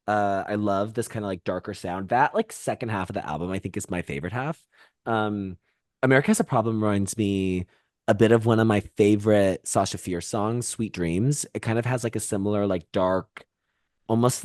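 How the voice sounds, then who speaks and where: Low-voiced playful young man. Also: a little mellow, dry recording, studio quality. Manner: playful, theatrical, sudden high jumps for emphasis. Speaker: podcast co-host. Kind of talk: casual chat.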